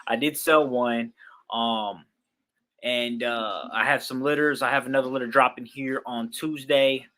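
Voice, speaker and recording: A man's voice: medium pitch, fairly even intonation, a little slow, sharp tone. Laid-back rambling man on a livestream. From Queens, New York. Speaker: dog breeder livestreaming a raffle. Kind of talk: casual livestream chat.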